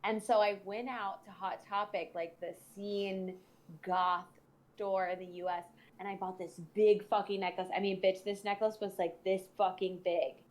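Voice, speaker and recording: A woman's voice: medium pitch, fairly even intonation, normal speed, a little mellow. A woman in her twenties hosting a podcast as a sex educator, talking bluntly and sassily with plenty of swearing. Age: 20s. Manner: blunt, heavily profane, sassy. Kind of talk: casual podcast chat.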